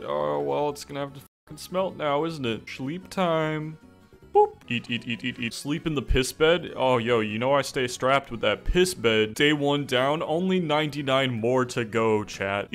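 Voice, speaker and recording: A man streaming a game, talking casually to chat, excitable, jokey and swearing, with faint music behind him. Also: mid-range voice, unhurried. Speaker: gaming streamer. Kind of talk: casual gameplay commentary to chat.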